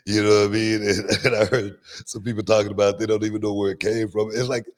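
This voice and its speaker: A man's voice: fairly low pitch, little pitch movement, fast talker. A middle-aged man hosting a podcast, telling stories in casual chat, often repeating words and laughing. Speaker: podcast host, former wrestler.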